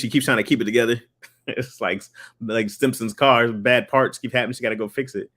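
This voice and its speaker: A young man hosting a casual livestream, reading chat and riffing in slang, laughing often and jumping up in pitch when excited. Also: fast talker.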